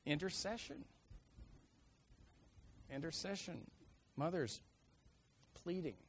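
A middle-aged man preaching a sermon, telling family stories and acting out children's cries with lively energy. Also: a little high, slow, a little hiss or hum. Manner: animated storyteller, acts out kids' shouts.

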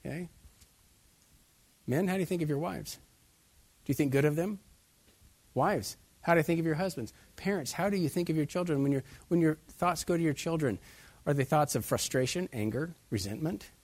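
A man's voice: on the high side, moderate pace, long pauses, a little mellow, no echo. A man preaching a sermon as pastor, putting many direct questions to his listeners.

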